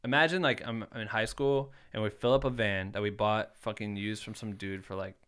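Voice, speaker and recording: There's a little hiss or hum behind this fairly low, fairly bright male voice, which stays steady and runs a little fast. The man, a thirty-something from Iowa, United States, chats casually on a podcast, swearing freely and telling rambling stories thick with "like."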